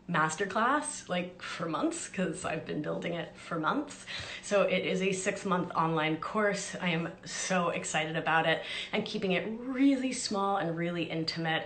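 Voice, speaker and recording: A woman with a lowish, slightly bright voice, a life coach and podcast host, chats casually on a live stream. She drops upbeat, self-deprecating asides, and the echoey room carries faint background noise.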